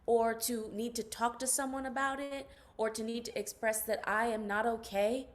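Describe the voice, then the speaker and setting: A woman's voice: a little high, level tone, normal speed. A young adult woman, an actress, speaking passionately and emphatically as a guest in an interview. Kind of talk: interview conversation.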